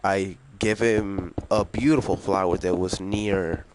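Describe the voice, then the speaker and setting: A man's voice: deep voice, steady tone, slow pace, background noise. Rambling young man telling a storytime. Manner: rambling, crude, full of fillers like "and stuff". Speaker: storytelling vlogger. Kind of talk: casual storytime. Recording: music playing in the background.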